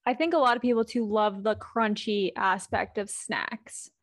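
A woman's voice: medium pitch, steady tone, moderate pace, no echo. A woman hosting a podcast, asking questions casually with plenty of fillers like "um" and "like". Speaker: podcast host.

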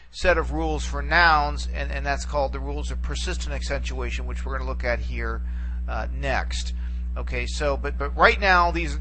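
In this recorded Greek lesson, the male teacher speaks in a highish, pushed, bright voice, with slight hiss or hum on the track. He is patient, repeats words, and keeps asking "okay?" to check in.

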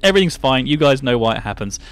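A man hosts a casual gameplay chat, talking through the steps with plenty of fillers. His pitch swings about a lot, and the sound is close and dry, with no room in it. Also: expressive, fast, no room sound. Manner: chatty, laughing, explains step by step. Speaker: host.

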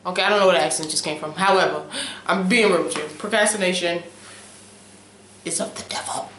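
A young woman in a casual talk-to-camera vlog, animated and preachy, who keeps checking in with "okay?" and swings between loud emphasis and soft asides. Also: on the low side, a little fast, reverberant, slight background noise. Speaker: vlogger. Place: room at home, late at night.

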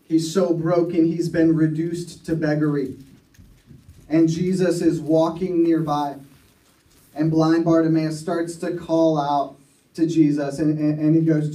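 A man's voice: on the high side, little pitch movement, unhurried, warm tone. Earnest man preaching in an echoey room. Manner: earnest storytelling with many restarts. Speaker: recovery ministry speaker. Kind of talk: sermon. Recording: echoey room, mic far off.

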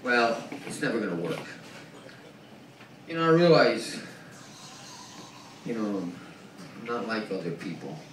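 A stand-up comedian with a fairly low voice works through a rambling open-mic set, very animated yet a little slow, leaving long pauses. He swings between mumbling and ranting, captured from far off in a small, echoey, noisy club.

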